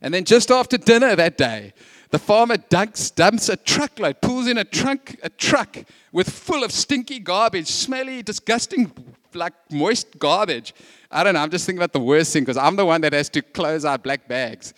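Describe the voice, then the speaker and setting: A man preaching a sermon as pastor, telling a story in a chatty, animated way with lots of repeated phrases and asides. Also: sits high, normal speed, no room sound, clean studio sound.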